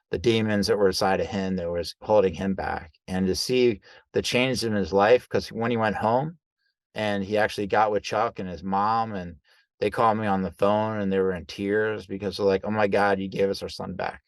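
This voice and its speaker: A man, a guest coach, telling stories in a loose, conversational way, acting out quoted dialogue with lively jumps in voice. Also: lowish voice, normal speed, no room sound. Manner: animated, acts out quoted dialogue; loose, conversational with fillers like right and like. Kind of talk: casual storytelling in an interview.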